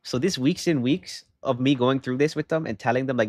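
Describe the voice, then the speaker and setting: A young man chatting casually on a livestream, telling a story in an animated way and rising into loud exasperation. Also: mid-range voice, a little fast, no room sound, studio quality. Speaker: live streamer.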